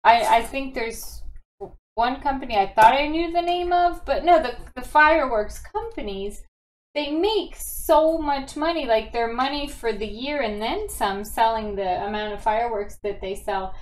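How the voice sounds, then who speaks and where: A woman's voice: on the high side, a little slow, low-quality recording. A woman co-hosting a podcast in casual, rambling chat, often restarting her sentences. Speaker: podcast co-host.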